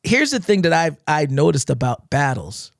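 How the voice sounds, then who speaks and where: Animated, high-voiced man telling stories. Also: normal speed, vocal fry, no room sound, clean studio sound. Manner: animated storytelling, acting out crowds and shouts, swears often. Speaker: dance teacher, podcast guest. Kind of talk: casual podcast conversation.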